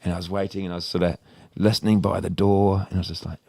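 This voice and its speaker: A man's voice: low voice, flat delivery, racing, vocal fry, hardly any pauses, mellow, dry recording, clean studio sound. A young Australian man telling a long story in casual podcast chat, rambling, laughing and swearing freely. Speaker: podcast co-host.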